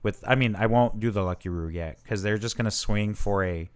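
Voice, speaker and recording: A man's voice: fairly low pitch, fairly quick, clean tone. A man hosting his channel, casually commenting on his own card game match and thinking aloud with fillers and self-corrections.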